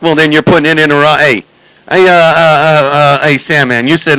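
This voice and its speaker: A man with a high, bright voice ribs his buddies over the CB, tossing out their handles again and again. His talk is casual and joking, full of repeated calls. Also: fairly even intonation, brisk, a little hiss or hum, poor audio. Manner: teasing, repeats calls like "hey, Sandman". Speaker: CB radio operator streaming live. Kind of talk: casual radio chatter.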